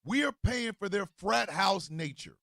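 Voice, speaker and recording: Gravelly, ranting host with a Jersey–Missouri mix. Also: male voice, high-pitched, a little slow, no room sound. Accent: mix of New Jersey and Missouri. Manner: loud, profane and animated, with bursts of shouting. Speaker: show host and co-owner. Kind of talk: profane political rant on a livestream.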